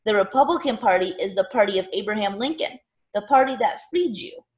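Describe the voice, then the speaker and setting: A woman voicing a loud, eager Northern male political organizer who rallies a crowd with speeches. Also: high voice, lively intonation, fairly quick, roomy sound, lo-fi sound. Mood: rallying. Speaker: party organizer.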